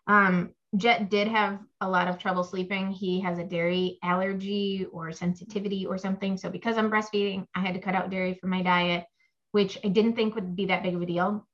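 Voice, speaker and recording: Her voice medium-pitched and a bit bright, a young mom on as a guest chats casually about her babies. The talk rambles along with fillers, captured in slightly dull lo-fi audio.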